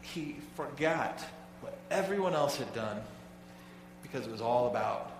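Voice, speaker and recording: Halting pastor in an echoing sanctuary. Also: male voice, medium pitch, lively intonation, noisy background. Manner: conversational, halting, repeats words. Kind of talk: sermon. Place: church sanctuary. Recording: echoey hall, voice from far off.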